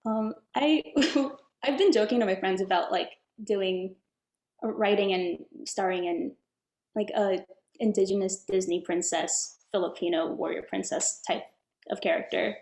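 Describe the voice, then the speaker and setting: A woman's voice: medium pitch, measured pace, darkish tone. A woman answering interview questions as an actress, in an earnest and enthusiastic way. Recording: echoey room.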